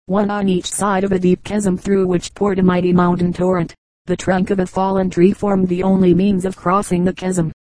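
A woman reading fables aloud as an audiobook narrator, in a calm, measured way. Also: fairly low pitch, no room sound, rough recording. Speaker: audiobook reader. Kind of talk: storybook narration.

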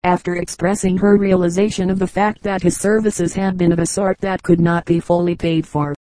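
A woman narrating an audiobook of humorous anecdotes in an even, unhurried reading voice. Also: on the low side, no room sound, rough recording. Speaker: audiobook reader.

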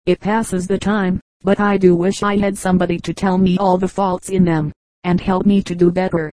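A woman's voice: on the low side, level tone, normal speed, mellow, no echo, close to an everyday voice, low-quality recording. A woman voicing a shy, modest boy artist who talks himself down.

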